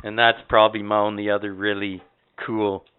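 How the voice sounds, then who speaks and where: A man's voice: fairly low pitch, flat delivery, brisk, clean tone. A man telling rambling, profane stories as a podcast co-host in casual chat. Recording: tinny phone-like audio.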